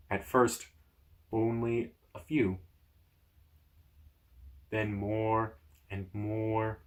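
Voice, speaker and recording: A man doing a slow, solemn ice guardian. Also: fairly low pitch, close to an everyday voice. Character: ancient ice-clump guardian, elemental keeper, solemn.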